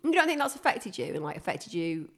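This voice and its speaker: A woman's voice: on the low side, fast. A woman in casual chat, telling stories about her family in a chatty, digressive way. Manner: chatty storyteller, digresses, animated.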